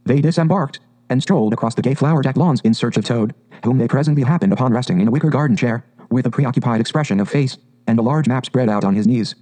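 Guy reading an old kids' book aloud, calm and even, dark mellow voice. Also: mid-range voice, fast talker, low-quality recording. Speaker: narrator. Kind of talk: audiobook narration.

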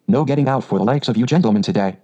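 A man's voice: mid-range voice, rapid-fire, mellow, breathy edge, lo-fi sound, natural voice. A man voicing a respectful young hedgehog boy who talks in humble country speech. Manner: humble, rustic grammar.

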